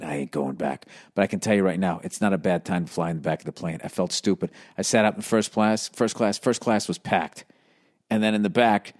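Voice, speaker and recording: A man's voice: low voice, darkish tone. A male comedian telling a story as a profane, exasperated, rambling casual rant. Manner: rambling with restarts.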